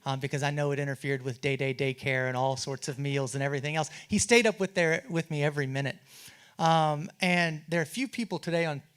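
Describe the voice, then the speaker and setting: Man, slightly high voice, wry storytelling, memorial speech. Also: a bit bright, clean tone. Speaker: state legislator giving a memorial speech. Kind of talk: anecdotal public speech. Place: auditorium at a symposium.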